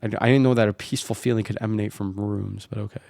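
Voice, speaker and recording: A man's voice: lowish voice, steady tone, fast, gravelly, darkish tone, slight background noise. A man streaming a game, reading the dialogue and making wry, sarcastic commentary with some swearing. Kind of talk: casual let's play commentary.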